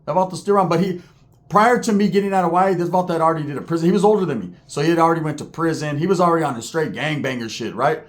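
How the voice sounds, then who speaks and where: Slangy profane guy in his 40s telling a street story, kinda high voice. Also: very fast.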